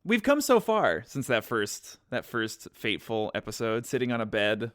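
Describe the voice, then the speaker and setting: Lively, bright-voiced joking man. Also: mid-range voice, moderate pace. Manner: playful, joking banter. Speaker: podcast co-host. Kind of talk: casual podcast chat.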